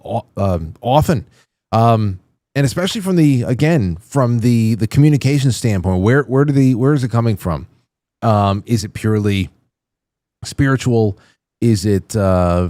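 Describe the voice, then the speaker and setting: A man's voice: on the low side, dark tone, no room sound, studio quality. A man hosting a podcast, asking rambling questions with many ums and restarts. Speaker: podcast host. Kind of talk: casual podcast conversation.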